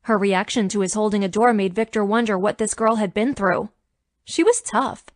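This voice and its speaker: A woman narrating a romance audiobook in a measured storytelling manner. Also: medium pitch, no room sound, clean studio sound.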